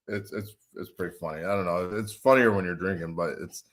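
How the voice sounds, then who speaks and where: A man's voice: sits low, moderate pace, a bit bright. A man from Michigan, a podcast guest, telling a rambling story in casual chat, repeating words as he goes. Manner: rambling, repeats words, laughs at his own stories. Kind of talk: casual drinking-buddy storytelling.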